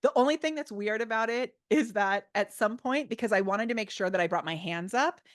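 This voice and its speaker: Woman, podcast guest, bubbly and animated, filler-heavy storytelling, dry close sound. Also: on the high side, brisk, dry recording. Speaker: guest, business coach. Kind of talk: casual podcast interview.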